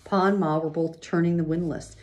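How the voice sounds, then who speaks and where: A woman reading a children's chapter book aloud, gently pausing to show pictures. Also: lowish voice, steady tone. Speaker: reader.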